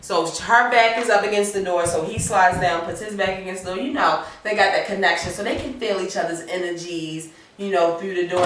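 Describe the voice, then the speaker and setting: A woman hosting a casual TV episode recap, talking in an animated, profane way and acting out the characters' lines. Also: on the low side. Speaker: TV recap host. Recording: echoey room, distant mic, faint noise.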